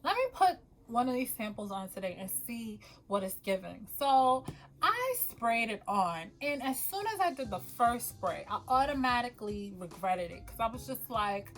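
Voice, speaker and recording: A woman talking casually to the camera as a perfume vlogger, animated and quick to laugh, often calling her viewers y'all. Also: on the high side, soft background music, rough recording.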